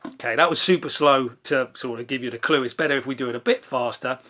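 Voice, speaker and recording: A male saxophone teacher giving a relaxed lesson, chatting casually and scat-singing rhythm syllables to demonstrate, with self-deprecating asides. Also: medium pitch, fast talker, faint music behind. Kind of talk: relaxed instructional talk.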